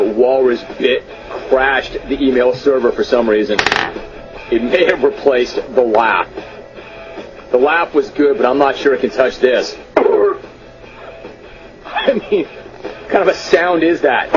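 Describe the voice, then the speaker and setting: A man hosting a radio talk show, reading listener emails aloud in a brash, amused, mock-exasperated way. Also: medium pitch. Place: radio studio. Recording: dull lo-fi radio broadcast.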